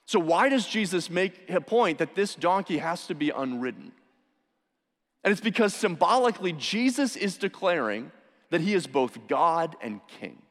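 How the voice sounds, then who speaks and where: A man's voice: high-pitched, fairly bright tone. A man preaching a sermon as pastor, speaking emphatically and asking rhetorical questions. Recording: long hall reverb.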